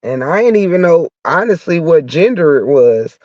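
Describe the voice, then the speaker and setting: High-pitched guy with a stuffy cold, cussing rant, dull lo-fi dry mic. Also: big pitch swings, moderate pace, darkish tone, no echo. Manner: blunt, cursing, heated storytelling. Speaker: podcast host. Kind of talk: profane comic rant.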